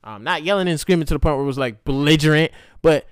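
A man's voice: fairly high pitch, fast talker, few pauses, a bit bright, clean tone, no room sound, studio quality. A man telling a personal story in a candid, rambling, emotional monologue full of profanity.

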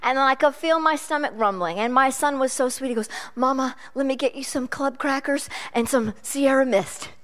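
A woman's voice: sits high, moderate pace, few pauses, fairly bright tone. A middle-aged woman preaching a sermon in a chatty, self-deprecating storytelling way.

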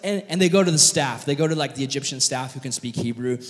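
A man preaching a humorous, casual sermon in a church hall, retelling a Bible story with animated jokes and lots of fillers. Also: medium pitch, fast talker.

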